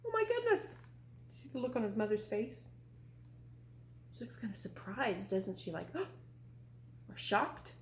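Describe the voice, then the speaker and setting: A woman's voice: medium pitch, slow, pauses often, slight background noise. A young adult woman, a librarian, reading a children's picture book aloud, playful and full of questions for the kids. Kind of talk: children's storytime read-aloud. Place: library room. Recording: roomy echo.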